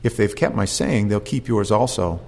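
A man's voice: on the low side, moderate pace, gravelly, darkish tone. A man preaching a sermon, telling the story with animation and acting out voices.

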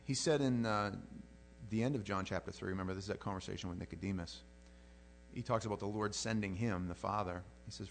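Animated, conversational male preacher. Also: fairly low pitch, quick pace, slight background noise. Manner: conversational and animated, frequent restarts. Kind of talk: sermon.

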